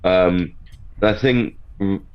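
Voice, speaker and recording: A man's voice: sits low, very slow, clean tone. A man co-hosting a casual review podcast, laid-back, mostly giving short agreements and observant asides. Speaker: podcast co-host. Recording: dull lo-fi audio.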